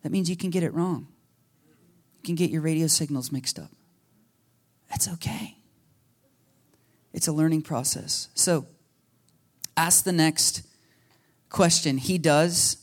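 A man preaching a sermon as a pastor, telling stories with lively energy and acting out conversations with God. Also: fairly high pitch, unhurried, long pauses. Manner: animated storytelling, acting out dialogue with God. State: a little emotional.

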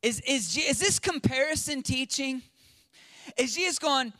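A man preaching a sermon in an animated way, acting out quotes and swinging from loud to hushed. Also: very high voice, measured pace, no echo, clean studio sound. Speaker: pastor.

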